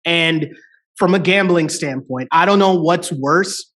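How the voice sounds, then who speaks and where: This man has a high voice for a man and talks in an animated, chatty way. He keeps tossing in "right?" and "like" during a casual podcast conversation. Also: measured pace. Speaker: sports betting podcast co-host.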